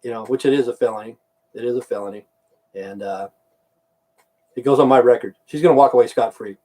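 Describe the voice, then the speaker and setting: The speaker is a middle-aged vlogger from the United States, angrily ranting at the camera while swearing and repeating himself. He has a warm, medium-pitched voice and talks fairly quickly, his manner heated and profane.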